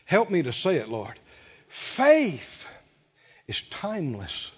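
A pastor preaching a sermon, calling on the congregation to answer and swinging from hushed lows to loud peaks. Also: male voice, huge pitch swings, takes it slowly, slightly rough. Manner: call-and-response preaching, swinging from low hush to loud. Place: church sanctuary. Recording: dull lo-fi sound in a reverberant church.

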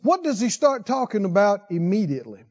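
A man's voice: very animated, a little mellow, highs cut off. A man preaching a sermon, reading scripture and questioning his congregation as he goes. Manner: slow, questions the congregation, rises in pitch when stressing points.

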